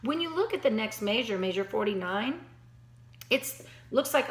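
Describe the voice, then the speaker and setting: A woman's voice: fairly high pitch, animated, moderate pace. A woman giving a piano lesson, talking straight to her student in an encouraging way, thinking aloud and counting beats. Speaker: piano teacher. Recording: roomy echo.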